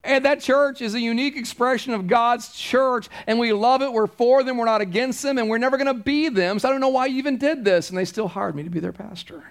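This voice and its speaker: A middle-aged pastor with a drawl and a notably high-pitched voice delivers a sermon in a church. He preaches in a chatty, anecdotal way and leans hard into his points. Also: fairly quick, few pauses. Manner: conversational preaching, anecdotal and emphatic.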